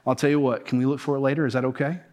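A man's voice: medium pitch, flat delivery, very fast, darkish tone. A middle-aged man preaching a sermon as senior pastor, earnest and repeating key phrases for emphasis. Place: church sanctuary.

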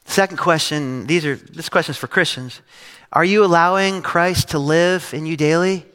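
Middle-aged man, pastor, bright voice, preaching in a hall with long reverb, lively storytelling. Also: fairly high pitch, moderate pace, clear, resonant tone. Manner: storytelling with acted quotes and laughs. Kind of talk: sermon. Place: church stage.

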